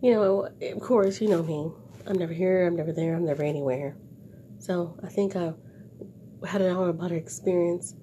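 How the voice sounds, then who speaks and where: A woman vlogger telling a story to her viewers in a casual, animated way, with wry asides, and ending on a moral lesson. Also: lowish voice, moderate pace, slight background noise.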